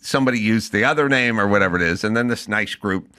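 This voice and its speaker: A man's voice: on the low side, fast. A middle-aged man hosting a podcast, telling stories casually and acting out both sides of his conversations. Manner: animated storyteller, acts out both sides of phone calls. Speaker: podcast host. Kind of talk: casual chat.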